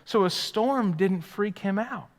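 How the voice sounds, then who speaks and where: A man's voice: sits high, takes it slowly. Dynamic male pastor preaching in a reverberant hall. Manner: dynamic preaching, swings from loud and excited to hushed and quiet. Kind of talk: live sermon. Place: church sanctuary. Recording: live church hall with long reverb.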